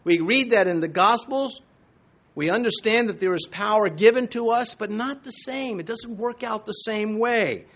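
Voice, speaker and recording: A man's voice: sits high, moderate pace, a bit bright. A man preaching a sermon from the pulpit, emphatic and full of rhetorical questions. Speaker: pastor.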